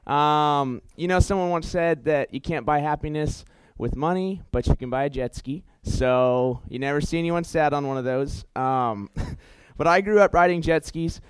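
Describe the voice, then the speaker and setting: A young man giving a storytelling sermon in an animated, chatty way, full of fillers and self-corrections. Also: on the high side, moderate pace, smooth, no echo, poor audio. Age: young adult. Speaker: youth preacher.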